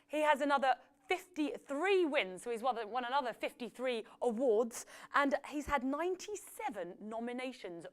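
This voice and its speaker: A woman hosting a live quiz, reading out questions and results with chatty, jokey asides. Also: sits high. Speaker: quiz host.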